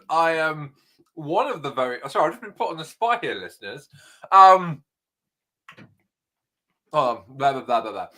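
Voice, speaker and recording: A British man hosts a casual podcast over a video call. His voice is bright and sits a bit high, and he rambles playfully, tripping over himself. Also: sing-song, normal speed, long pauses. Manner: playful, rambling, flustered asides. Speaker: podcast host. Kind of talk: casual chat.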